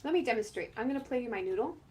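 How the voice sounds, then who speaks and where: A woman's voice: on the high side, expressive, very fast, a little mellow. A middle-aged woman oboe teacher giving a chatty instructional talk, often correcting herself and laughing.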